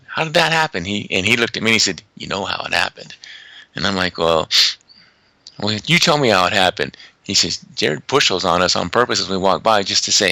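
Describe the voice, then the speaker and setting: A middle-aged man, a teacher, telling personal stories in an interview in an earnest, halting way with many restarts. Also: lowish voice, vocal fry, sharp tone, dry recording. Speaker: teacher and father of a missing boy, interviewee. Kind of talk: emotional storytelling interview.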